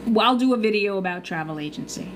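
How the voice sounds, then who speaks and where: A woman's voice: medium pitch, expressive, quick pace, slight background noise. A woman with a Long Island accent, chatting casually on a livestream as a travel agent answering cruise questions, and sometimes losing her train of thought. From Long Island, New York.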